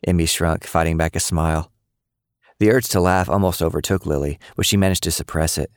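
A man reading a novel aloud as its narrator, steady and measured. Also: low voice, clean tone, dry recording, studio quality. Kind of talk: scripted audiobook narration.

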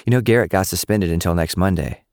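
A man's voice: deep voice, quick pace, a little mellow, smooth, dry recording, studio quality. A man voicing a skeptical, matter-of-fact young schoolgirl in an audiobook. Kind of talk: audiobook character voice.

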